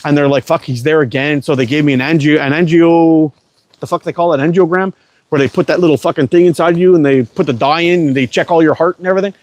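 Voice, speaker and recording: Middle-aged man, profane rambling storyteller, bit higher pitch, dry close mic. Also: steady tone, fast talker, a little mellow, no room sound. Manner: profane, rambling, repeats words. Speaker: livestream host. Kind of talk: casual storytelling monologue.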